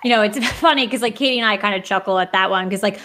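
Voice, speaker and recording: A woman's voice: mid-range voice, fast, a bit bright, a little hiss or hum. A woman co-hosting a casual podcast, chatty and upbeat, laughing often. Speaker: podcast co-host.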